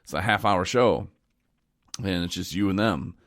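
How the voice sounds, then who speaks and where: A man hosting a casual podcast chat, telling joking stories in an animated way. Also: low-pitched, moderate pace. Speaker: podcast host.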